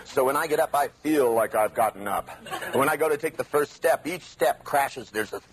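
A man giving an animated live seminar lecture, acting out the inner voices he describes. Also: mid-range voice, a little fast, a little hiss or hum, poor audio.

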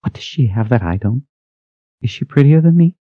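A man voicing a coaxing, jealous young woman in an audiobook, with a breathy, raised voice. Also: mid-range voice, lively intonation, fairly quick, no echo, muffled recording, voice pushed up, lightly acted. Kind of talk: audiobook character voice.

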